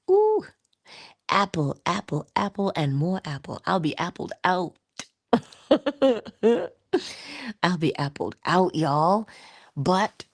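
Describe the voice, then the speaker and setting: A woman's voice: sits low, gravelly, husky, dry recording, studio quality. A woman giving casual inspirational talk, chatty and playful, laughing often and sometimes dropping to a whisper. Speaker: inspirational speaker.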